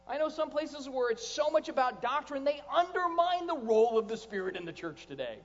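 High-voiced guy preaching, chatty and animated, reverby church hall, kinda dull lo-fi audio. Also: fairly quick. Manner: animated, conversational, acts out quoted voices. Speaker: pastor. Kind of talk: sermon. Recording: long hall reverb, dull lo-fi sound, faint noise.

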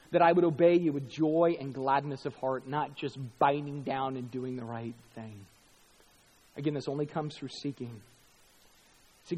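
A man preaching a sermon as pastor, animated, dropping to hushed tones and rising to loud emphatic bursts. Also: fairly high pitch, breathy edge, big-room sound, poor audio.

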